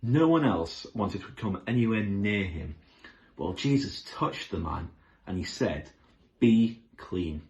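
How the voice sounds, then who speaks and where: A man's voice: fairly low pitch, lively intonation, measured pace, darkish tone, muffled recording. A man teaching a children's Bible lesson, enthusiastically asking the kids questions.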